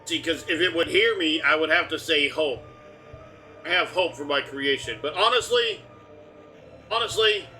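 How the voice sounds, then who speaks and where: Male streamer, bright, slightly high voice, loose joking chatter, faint game music behind. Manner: rambling, joking, talks through on-screen prompts. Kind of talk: casual live game commentary.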